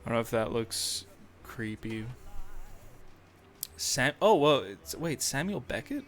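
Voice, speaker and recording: Slow and sing-song, this young man's medium-pitched voice drifts through a casual live stream chat. He rambles, leans on fillers, and jokes at his own expense while faint music plays behind him.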